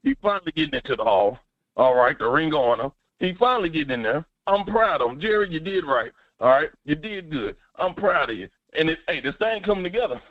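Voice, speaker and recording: Animated man calling in over a phone line. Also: fairly high pitch, brisk, no room sound. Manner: animated, swears, preachy repetition. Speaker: caller. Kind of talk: excited sports call-in.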